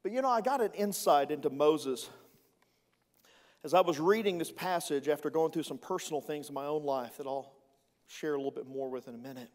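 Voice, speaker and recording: A man's voice: fairly high pitch, brisk, long reverb tail. A male executive pastor preaching a sermon in a playful, conversational way, with asides to the congregation.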